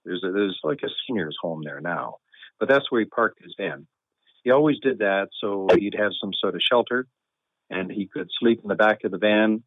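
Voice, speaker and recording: A man recounts a story with wry, deadpan humor and easy chuckles. His voice sits low and dry. It comes through a thin, phone-like line. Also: moderate pace, dry recording. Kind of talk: relaxed anecdotal storytelling.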